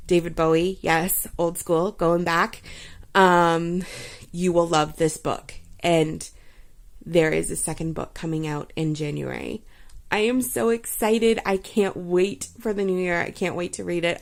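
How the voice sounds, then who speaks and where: A woman's voice: on the low side, creaky. A woman in her thirties chatting casually about books she has read, rambling and giggly, with lots of fillers. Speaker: vlogger.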